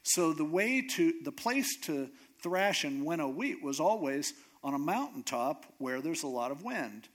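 A man's voice: a little high, big pitch swings, a little slow, few pauses. A man preaching in a casual, conversational way, retelling a story with dry humor. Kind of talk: sermon storytelling.

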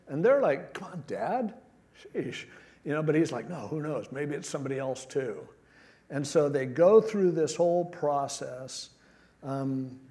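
Fairly high-voiced casual male preacher. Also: mellow. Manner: casual and joking, paraphrasing scripture in everyday slang. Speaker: pastor. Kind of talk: expository sermon.

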